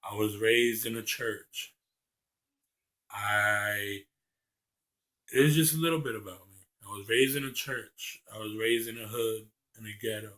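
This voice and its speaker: A man's voice: lowish voice, unhurried, a bit bright. A young man from Maryland talking earnestly to camera in a rambling vlog monologue, often stumbling over the starts of his sentences. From Maryland, USA. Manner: earnest, rambling, repeats words when starting a thought. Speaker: vlogger.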